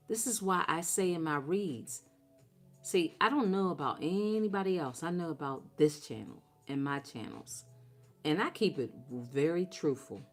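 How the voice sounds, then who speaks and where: A woman's voice: low voice, sing-song, a little slow, slightly rough, faint music behind. A woman giving a blunt, profane tarot reading, talking straight to her viewers with heavy emphasis. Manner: talks straight to her audience. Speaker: tarot reader.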